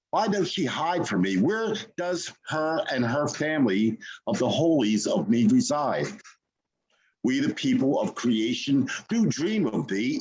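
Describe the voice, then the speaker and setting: A husky-voiced man on a video call, reading a poem aloud. He delivers the lines earnestly and at a measured pace, as at a community poetry reading. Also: mid-range voice, lo-fi sound. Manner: earnest, measured recitation after a hesitant spoken preface. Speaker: poet.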